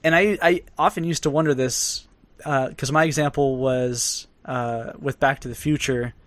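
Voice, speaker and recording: A young man co-hosting a podcast, talking in a loose, rambling way that breaks into laughter now and then. His voice sits at a middle pitch, close and dry on the mic with no room sound. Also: fairly even intonation, moderate pace, no echo. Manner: chatty, rambling, laughs often. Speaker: podcast co-host. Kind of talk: casual podcast chat.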